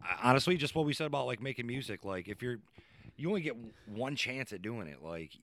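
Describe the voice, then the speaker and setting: Fast, animated young-sounding man. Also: medium pitch, a little hiss or hum. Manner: fast, animated, loose and rambling. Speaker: interview guest, musician. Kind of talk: casual interview talk.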